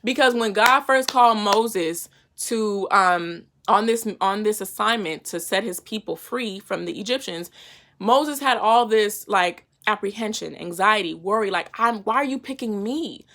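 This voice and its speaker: A woman's voice: medium pitch, unhurried, a bit bright. A woman giving a casual, slangy Bible lesson to her viewers and retelling scripture in everyday talk. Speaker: faith vlogger teaching a Bible lesson.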